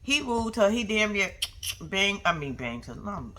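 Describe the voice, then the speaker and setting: A young woman recaps a reality show as a vlogger, sassy and animated, with a bright, forceful tone. Her pitch swoops all over the place as she talks back to the people on the show, and she keeps throwing slangy asides to her viewers. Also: measured pace.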